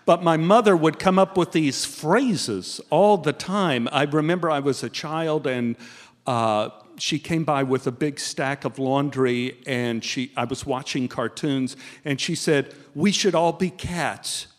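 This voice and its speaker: An older man from Texas telling a comic personal anecdote as a guest, animated and chuckling as he talks. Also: fairly high pitch, unhurried, long reverb tail. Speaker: guest storyteller.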